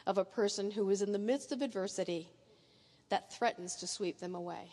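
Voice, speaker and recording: A woman's voice: mid-range voice, a little fast, warm tone. A woman preaching a sermon, earnest, painting vivid pictures and speaking straight to her listeners. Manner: earnest, vivid second-person imagery. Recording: echoey hall reverb.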